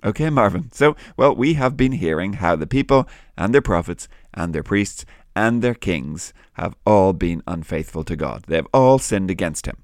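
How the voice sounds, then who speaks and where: A man with a lowish, gravelly voice hosting a children's Bible podcast. He explains things gently for kids, his pitch moving freely, with a dry, close sound. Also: animated, moderate pace, few pauses, no room sound. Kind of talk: friendly scripted chat.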